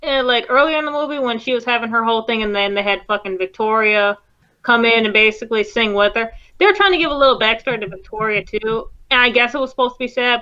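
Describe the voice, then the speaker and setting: A woman's voice: a little high, quick pace, pushed and bright, dull audio. A woman co-hosting a casual movie review chat, blunt and profane in her complaints. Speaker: co-host.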